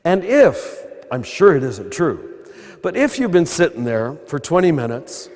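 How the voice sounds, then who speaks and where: Older American priest in cathedral reverb. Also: male voice, on the high side, sing-song, unhurried, a little mellow. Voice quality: throaty. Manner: conversational, wry asides. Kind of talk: spiritual talk to a live audience. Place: large cathedral.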